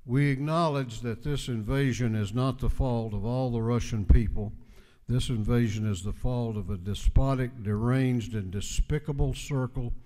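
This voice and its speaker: A man giving a measured, deliberate floor speech as speaker of a legislative house. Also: mid-range voice, mellow. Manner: measured, deliberate oratory with emphatic repetition. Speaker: house speaker presenting a resolution. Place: large legislative chamber. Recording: long hall reverb in a chamber.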